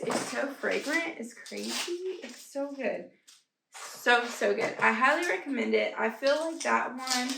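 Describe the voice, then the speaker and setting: A woman, chatting casually as a vlogger, animated and laughing often. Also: a little high, creaky. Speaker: candle haul vlogger. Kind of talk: casual chat. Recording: echoey room with faint noise.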